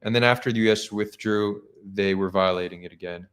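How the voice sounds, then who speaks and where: A man's voice: on the low side, fairly even intonation, fairly quick, fairly bright tone. A man hosting a live stream, talking casually and skeptically, thinking aloud with frequent restarts. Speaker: streamer host.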